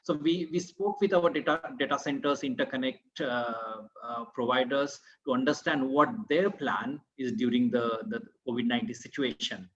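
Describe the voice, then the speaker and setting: A man on an online business panel, explaining step by step with frequent pauses. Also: mid-range voice, dull audio. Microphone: video call.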